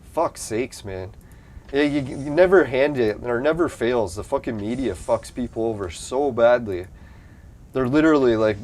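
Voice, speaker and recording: Canadian guy streaming, loose rambling chat, lots of swearing, laughs a lot, average pitch. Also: animated, normal speed, darkish tone. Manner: rambling, profane, laughs often. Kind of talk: casual live-stream chat.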